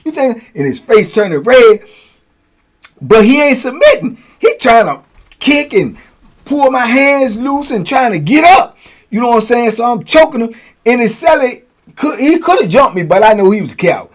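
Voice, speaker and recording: Animated man telling prison stories. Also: very high-pitched, normal speed. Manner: animated, acting out blows with sound words. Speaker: storyteller, host. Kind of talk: casual prison storytelling.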